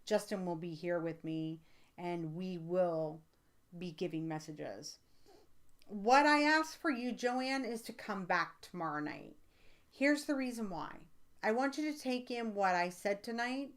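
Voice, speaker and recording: Chatting with her audience on a live stream, this American psychic reader responds to comments in a loose, rambling way full of fillers, getting emphatic whenever something excites her. She speaks unhurriedly in a mid-range voice.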